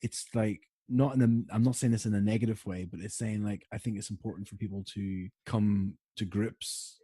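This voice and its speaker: A man's voice: lowish voice, steady tone, moderate pace, warm tone, breathy edge, no echo. A man with a Northern Irish accent, co-hosting a podcast in casual, bantering chat that rambles and dissolves into giggles. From Northern Ireland. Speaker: podcast co-host.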